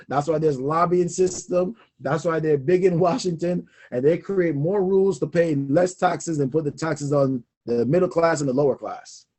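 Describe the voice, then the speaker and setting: A young man talks about money in a husky, slightly breathy voice that sits a bit high for a man. He speaks animatedly, stresses his points by repeating them, and laughs often. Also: normal speed, a little mellow. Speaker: finance show host. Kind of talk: casual solo talk on money.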